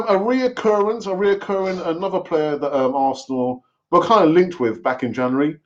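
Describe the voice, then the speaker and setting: A man hosting a casual live football fan stream, talking in an animated, repetitive, rambling way. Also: a little high, normal speed, highs cut off. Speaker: football fan channel host.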